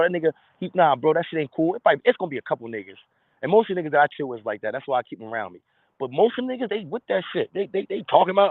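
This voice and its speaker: A man talks fast in a casual, blunt monologue full of profanity, now and then acting out other people's voices. His voice sits a little high for a man. The sound is tinny and dry, with no room around it. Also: animated, no echo.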